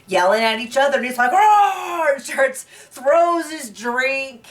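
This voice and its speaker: A woman's voice: sits high, lively intonation, a little slow, a bit bright, recorded from a distance. Chatty woman recapping, mic set back. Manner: chatty, giggly, many fillers and restarts. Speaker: recap show host. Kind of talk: casual TV recap chat.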